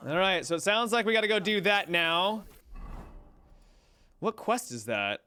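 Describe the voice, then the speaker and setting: A man's voice: high-pitched, expressive, unhurried, pauses often, bright, forceful tone, clean tone, soft background music. A male streamer giving chatty, rambling live gameplay commentary and talking to his chat.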